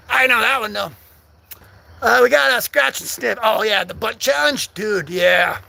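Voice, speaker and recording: Young guy on a livestream, high gravelly voice, goofing around w viewers. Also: measured pace. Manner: silly, rambling, breaks into loud singing. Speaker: livestream host. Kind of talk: goofy live chat with viewers, bursts of singing.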